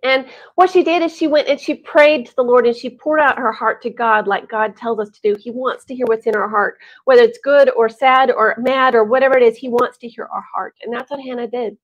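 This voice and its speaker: A woman telling a Bible story to families, animated and chatty, with sighs and laughs. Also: fairly high pitch, a little fast, few pauses. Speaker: Bible teacher. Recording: dull lo-fi recording.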